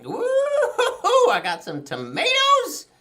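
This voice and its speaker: A woman's voice: medium pitch, wildly swooping pitch, unhurried. A woman hosting a children's library show, leading a sing-along in a playful, sing-song voice with frequent laughs and animal noises.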